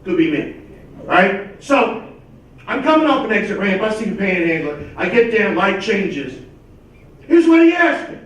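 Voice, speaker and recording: A man's voice: sits high, very animated, normal speed, lo-fi sound. A man doing a stand-up set, with punchy, emphatic delivery. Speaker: stand-up comedian. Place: comedy stage at a charity show, live audience. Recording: echoey room, distant from the mic.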